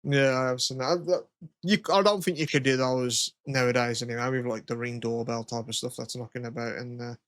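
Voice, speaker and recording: A man's voice: medium pitch, steady tone, brisk, fairly bright tone, dry recording, clean studio sound. A young man from England, co-hosting a podcast and telling rambling, sweary stories with frequent laughs. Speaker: podcast co-host. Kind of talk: casual chat.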